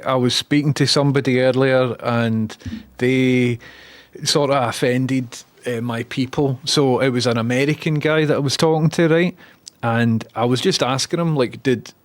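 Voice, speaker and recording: A man's voice: medium pitch, dry recording. A man with a Glaswegian accent streaming casually, swearing and muttering as he fixes his tech. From Scotland. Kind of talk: casual live-stream chat.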